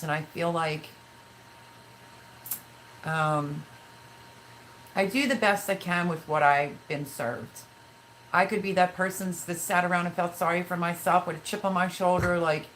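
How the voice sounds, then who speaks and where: A woman's voice: on the low side, a bit bright, a little hiss or hum, low-quality recording. A middle-aged woman hosting a casual live stream, talking candidly and emotionally in a rambling way while reading viewer comments. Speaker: livestream host.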